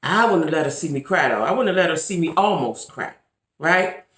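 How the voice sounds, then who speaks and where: A woman's voice: low voice, lively intonation, a little fast, fairly bright tone, echoey room. A woman vlogging to camera in casual commentary, emphatic and repetitive, talking straight to her viewers. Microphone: camera mic.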